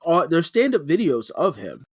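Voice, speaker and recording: A man's voice: on the high side, sing-song, normal speed, husky, no room sound, clean studio sound. A young man on a podcast, chatting casually and rambling, often restarting sentences and laughing. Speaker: podcast co-host. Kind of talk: casual chat.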